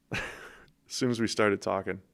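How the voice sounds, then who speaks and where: A man co-hosting a casual sports talk show in a studio, trading quick joking banter. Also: lowish voice, fairly even intonation, gravelly, fairly bright tone. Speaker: podcast co-host.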